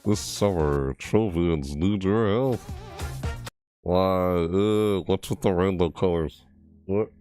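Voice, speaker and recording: A gaming video creator reacts to a game trailer in a low, darkish, expressive voice, speaking extremely slowly with long pauses. He lets out startled yelps and exclamations, swearing mildly with words like "frick" and "what the heck." Faint trailer music plays beneath him.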